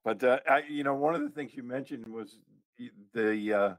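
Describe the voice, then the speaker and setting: A man's voice: mid-range voice, moderate pace, no echo, poor audio. A man from the Boston area with a thick Boston accent, hosting a casual interview and laughing easily. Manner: easygoing, laughs often, chatty. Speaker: podcast host.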